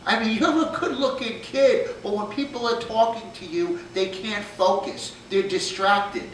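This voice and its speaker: A man's voice: sits high, unhurried, a bit bright, a little hiss or hum. A man playing a blunt, nagging middle-aged father who lectures his son. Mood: lecturing. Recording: echoey room from far off.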